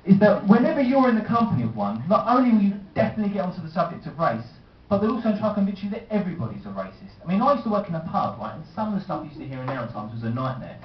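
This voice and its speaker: Young male stand-up, deadpan storyteller, animated pitch, picked up from afar in a roomy club. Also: rapid-fire, hardly any pauses, recorded from a distance, a little hiss or hum. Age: 20s. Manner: deadpan storytelling with voiced impressions. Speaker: stand-up comedian. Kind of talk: stand-up comedy set. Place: comedy club stage. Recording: roomy lo-fi live recording from afar.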